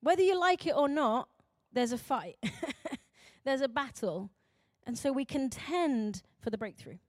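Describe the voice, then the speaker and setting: A young woman pastor preaches a sermon in a high, bright voice. Her delivery is emphatic, rising to loud urgent calls and dropping to quiet intensity. The sound is dry and close. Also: animated, unhurried, no room sound.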